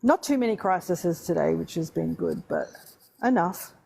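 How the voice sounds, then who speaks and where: A woman co-hosting a live stream, talking in a laid-back, low-key way with some teasing. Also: wildly swooping pitch, a little slow, vocal fry, mellow, breathy edge. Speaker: livestream co-host. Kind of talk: casual group chat on a live stream.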